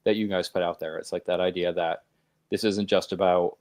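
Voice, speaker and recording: A man's voice: low voice, little pitch movement, a little fast, a little mellow. A man speaking as a podcast guest, earnest and emphatic, talking in long run-on sentences with restarts. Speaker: podcast guest, host of his own show. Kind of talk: conversational podcast talk.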